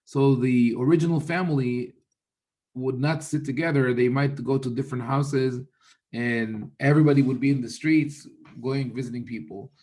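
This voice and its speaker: In a thoughtful, leisurely teaching style, a rabbi discusses religious texts, quoting Hebrew and often restarting what he says. His male voice is medium in pitch, even in tone, and a touch mellow.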